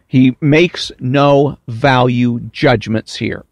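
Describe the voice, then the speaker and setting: A man delivering a political commentary monologue, deliberate and emphatic, slowing to stress key words. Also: mid-range voice, fairly even intonation, no echo. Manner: deliberate, emphatic, drawn-out stresses, mocking whiny impressions.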